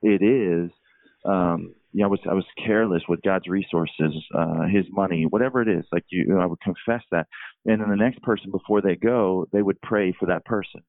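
Deep-voiced man telling a story. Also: no echo. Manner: halting, repeats words. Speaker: guest. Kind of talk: casual storytelling. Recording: tinny phone-like line.

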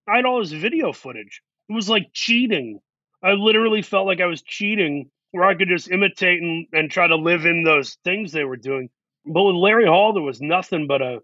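A man's voice: on the high side, pushed and bright, dry recording, dull audio. A man talking in a casual interview, earnest and reflective, working through his ideas in long, run-on thoughts. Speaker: actor, guest.

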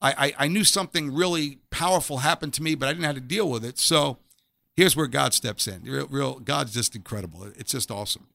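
Earnest gravelly middle-aged man. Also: medium pitch, a little fast, bright, forceful tone, dry recording. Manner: earnest and emphatic, often repeats the first word of a phrase. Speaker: guest sharing a faith testimony. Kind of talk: personal testimony in a conversational interview.

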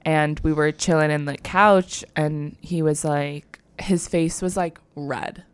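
A woman's voice: low-pitched, steady tone, slow pace, clean tone. A young woman casually chatting, telling a rambling confessional story full of fillers. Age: young adult. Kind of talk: casual chat.

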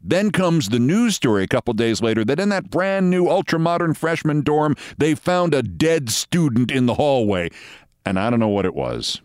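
A man's voice: medium pitch, darkish tone, smooth, no echo. Wry male storyteller, dry studio sound. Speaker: host. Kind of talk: personal storytelling monologue.

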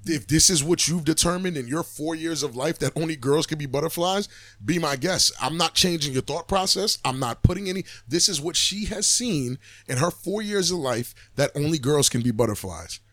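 A man's voice: on the high side, moderate pace, no echo. Blunt, profane man in casual chat. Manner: blunt, profane, animated storytelling. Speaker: podcast co-host.

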